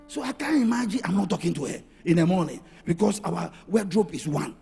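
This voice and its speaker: A middle-aged pastor preaching with a raspy, gravelly voice pitched high for a man. He swings between hushed, intimate asides and full shouts. He is recorded in a reverberant hall with faint music underneath. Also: animated, fairly quick, hardly any pauses. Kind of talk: sermon.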